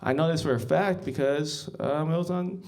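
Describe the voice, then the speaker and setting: A man doing a stand-up set on a club stage, telling rambling, deadpan stories full of ums and asides to the crowd. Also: fairly high pitch, moderate pace. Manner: rambling deadpan storytelling with many ums, often says "guys". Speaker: stand-up comedian.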